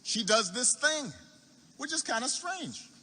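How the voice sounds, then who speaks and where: Man, rally speaker, high bright tone, storytelling with deliberate repetition, long arena reverb. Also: very animated, a little hiss or hum. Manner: unhurried anecdote with repetition for effect and halting restarts. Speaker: political speaker at a campaign rally. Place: large university arena.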